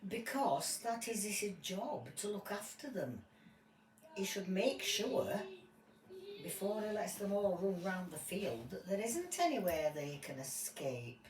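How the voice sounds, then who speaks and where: A woman voicing a stern but kindly male tiger toy judge in a living-room toy game, speaking in a measured, lecturing way. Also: medium pitch, big pitch swings, distant mic, slight background noise. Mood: scolding. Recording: roomy and from off the mic, faint ambience.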